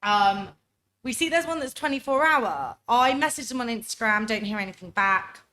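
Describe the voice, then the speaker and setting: Loud, bright-voiced young English woman. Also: a little high, expressive, moderate pace. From England. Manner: loud, chatty, laughs while telling stories. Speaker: podcast co-host. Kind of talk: casual chat, storytelling.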